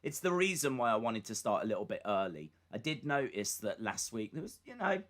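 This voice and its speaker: A British man with a bright, forceful voice co-hosts a live stream, teasing his partner in easy, casual chat. His pitch swings widely as he talks, and the whole delivery stays playful. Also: sing-song, brisk. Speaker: podcast co-host.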